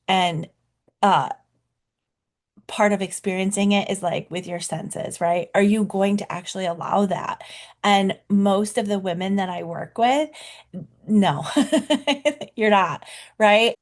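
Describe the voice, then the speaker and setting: A woman talking to camera as a coach, in a casual, reflective way, full of "like" and "right?", slowing down to linger on key words. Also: mid-range voice, darkish tone. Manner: chatty, many fillers like "like" and "right?". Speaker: life coach.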